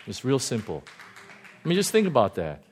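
A male pastor giving a conversational sermon, animated and often chuckling. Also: medium pitch, moderate pace, slight background noise.

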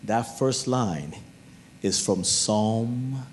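A man preaching a sermon as pastor, animated and talking straight to his listeners, even humming tunes to make a point. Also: on the low side, drawn-out words, a little hiss or hum. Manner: animated preaching, talks to the crowd.

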